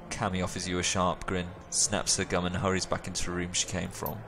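A man hosting a let's play, reading a video game's narration aloud at a steady pace. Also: deep voice, brisk, hardly any pauses, background noise.

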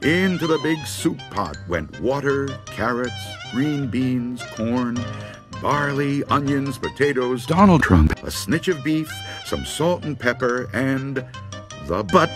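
Slow, lively spooky-story narrator man. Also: medium pitch. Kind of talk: comic parody of a scary story. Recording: music playing behind.

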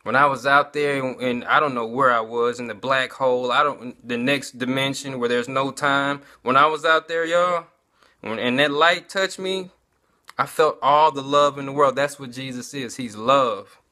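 A man's voice: mid-range voice, fairly even intonation, moderate pace, pushed and bright. A man giving a casual personal testimony, talking conversationally and often addressing his listeners as y'all.

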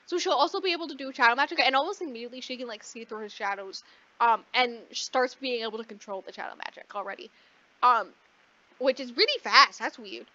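High bright-voiced woman rambling through a recap. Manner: rambling, swearing, acts out characters in quick asides. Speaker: podcast co-host. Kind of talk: casual book recap. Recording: dull lo-fi dry recording.

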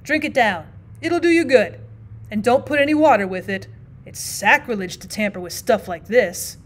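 A woman's voice: on the high side, animated, moderate pace. Woman voicing a bluff, jovial businessman. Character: hearty, self-assured older businessman.

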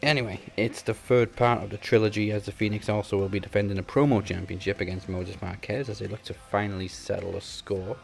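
Man, low voice, podcast host: loose banter, wry asides, announcer duties. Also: flat delivery, a little fast, creaky, few pauses. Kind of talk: casual podcast chat and show announcements.

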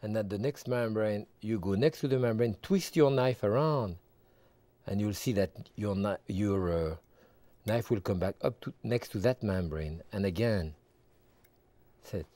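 Low-voiced man demonstrating a recipe. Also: unhurried, no echo. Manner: step-by-step instructional, with relaxed asides. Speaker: TV chef. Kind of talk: cooking demonstration. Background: background music.

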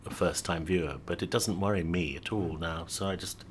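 A man interviewed as an actor, speaking in a thoughtful, measured way and often turning to his co-star with a question. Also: low voice, a little hiss or hum. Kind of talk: casual interview chat.

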